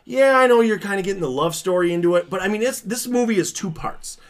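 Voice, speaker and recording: A man co-hosting a casual podcast chat, enthusiastic and jokey as he raves about a movie. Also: sits high. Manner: enthusiastic, jokey, quick to laugh. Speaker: podcast co-host.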